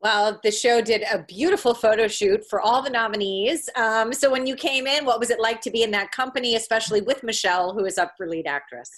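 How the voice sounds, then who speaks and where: A woman interviewer prompting her guest with measured questions. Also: a little high, a bit bright.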